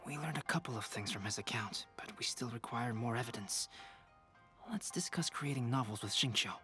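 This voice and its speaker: Brief: whispered role-play, man playing a calm young alchemist, bright hushed voice right at the ear. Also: medium pitch, a little fast, soft background music, lightly acted. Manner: close soft whisper.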